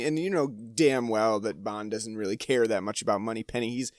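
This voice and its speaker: A male podcast co-host talks casually about a movie, wandering through his points with many fillers and bursts of laughter. His voice sits at an ordinary pitch, recorded dry with no room sound. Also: fairly even intonation, a little fast, hardly any pauses, dry recording. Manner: rambling, hesitant, laughs often. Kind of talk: casual film discussion.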